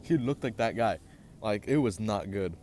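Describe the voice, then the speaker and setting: A young man hosting a casual storytime vlog, animated and swearing as he gets heated. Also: lowish voice, normal speed, a little hiss or hum. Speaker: vlogger host.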